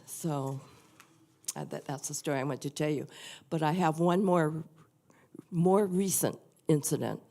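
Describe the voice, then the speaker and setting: An older woman giving an earnest, heartfelt personal testimony in a church service, speaking softly and confidingly. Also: deep voice, measured pace, creaky, long pauses. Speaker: church member sharing a testimony. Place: church sanctuary.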